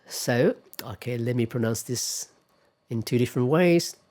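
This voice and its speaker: Slow, deliberate male lecturer. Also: mid-range voice, a little mellow. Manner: deliberate, repeats example words several times. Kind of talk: pronunciation lecture.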